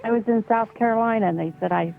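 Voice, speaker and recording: Caller, woman from Cleveland, high voice, brief modest answers, thin phone-line sound. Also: fast talker, gravelly. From Cleveland, Ohio. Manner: short, modest replies with soft laughs. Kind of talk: casual call-in chat. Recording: tinny phone line, faint music.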